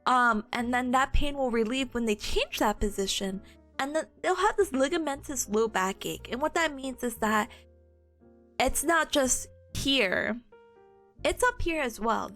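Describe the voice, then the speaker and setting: High, hoarse, giggly young woman. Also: animated, a little slow, fairly bright tone, soft background music. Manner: bubbly, giggly, chatty. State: hoarse, losing her voice. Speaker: streamer reviewing study notes. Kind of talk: casual study stream.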